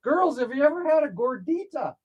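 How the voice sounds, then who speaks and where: Rambling dad on a livestream. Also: male voice, very high voice, big pitch swings, a little fast, lo-fi sound. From Canada. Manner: rambling, ranting, swears freely. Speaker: livestream host. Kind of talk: casual livestream chat, reading viewer comments aloud. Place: outdoors at a cabin. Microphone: phone livestream.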